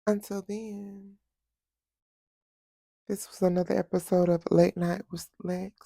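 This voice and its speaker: A woman's voice: mid-range voice, flat delivery, a little slow, creaky, mellow, breathy edge, dry recording, studio quality. A woman hosting her own late-night vlog, chatting casually and bluntly to her viewers with a sassy, joking edge. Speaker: vlog host. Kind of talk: casual chat to camera.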